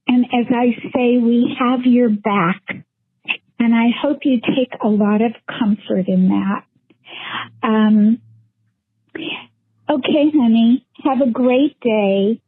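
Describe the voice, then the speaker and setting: Woman caller, heartfelt chatty voicemail, tinny phone line, husky voice, slow talk. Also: a little high, no room sound.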